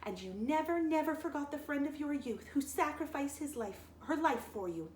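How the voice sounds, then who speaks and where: A woman's voice: high voice, animated, normal speed, darkish tone, a little hiss or hum. A woman voicing a dreamy, dramatic young girl who chatters theatrically. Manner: breathless, theatrical storytelling. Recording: roomy echo.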